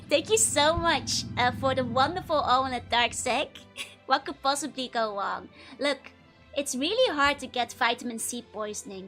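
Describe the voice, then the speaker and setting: A young woman chats with her stream audience in a bright, high voice. She giggles all the time and teases her viewers playfully. Faint music plays quietly in the background. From Netherlands. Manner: giggly, laughs constantly, playful teasing. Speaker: VTuber streamer. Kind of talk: casual live-stream chat reading viewer messages.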